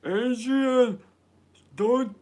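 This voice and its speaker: A man doing a clumsy impression of a gruff male movie tough guy, his voice pushed high, strained and loud. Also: very slow, exaggerated voice. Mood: pleading.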